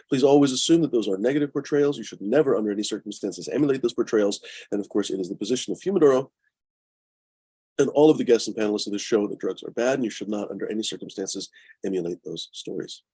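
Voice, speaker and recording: A man's voice: on the low side, warm tone, breathy edge, dry recording. A man hosting a cannabis talk show, talking casually with a profane, fired-up and sarcastic manner. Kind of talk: casual live-stream rant and disclaimer.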